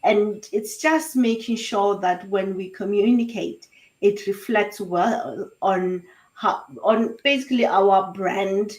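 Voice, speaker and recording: A woman's voice: mid-range voice, slow, a little mellow, poor audio. Woman voice coach, Sepedi native. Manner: explanatory, demonstrates voices, many restarts. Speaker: voice coach guest. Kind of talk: online interview.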